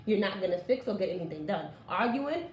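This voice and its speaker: A woman's voice: medium pitch, expressive, a little fast, darkish tone. A woman co-hosting a casual couple chat, earnestly arguing her point on relationships. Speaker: co-host. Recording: echoey room.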